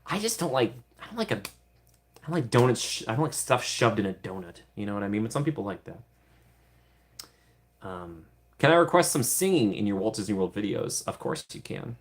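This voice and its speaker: A man's voice: on the low side, very animated, a little fast. A man casually chatting on a livestream, answering viewer comments in a playful way and giggling often. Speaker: streamer answering live chat.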